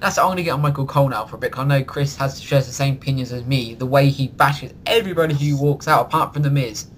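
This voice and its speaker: A man co-hosting a casual podcast chat, opinionated and quick to restart his sentences. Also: mid-range voice, a little hiss or hum. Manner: chatty, opinionated, restarts often. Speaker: podcast co-host.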